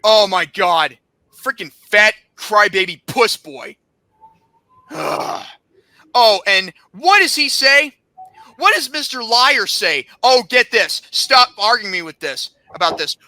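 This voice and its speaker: This is a podcast host in full rant, his voice pitched unusually high for a man and cutting, almost sharp in tone. He talks with heated indignation and biting sarcasm, repeatedly rising into shouts. The sound is close and dry, with no room around it. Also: sing-song, slow, no room sound. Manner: sarcastic, mocking. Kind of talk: angry rant.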